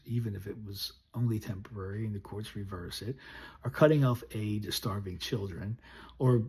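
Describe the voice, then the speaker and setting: A man's voice: mid-range voice, darkish tone, breathy edge. A man from the United States delivering a recorded political essay in a blunt, indignant and scornful way. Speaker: political commentator.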